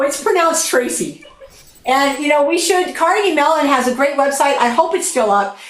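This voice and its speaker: Woman, high voice, flute teacher, online masterclass, chatty, enthusiastic, echoey room. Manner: chatty, enthusiastic, animated storytelling. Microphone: video call.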